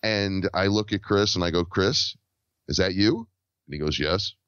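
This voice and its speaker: A deep, smooth male voice at normal speed, chatting casually as a podcast guest and recounting a story. He performs the dialogue of its characters with lively energy. The sound is dry, dull and lo-fi.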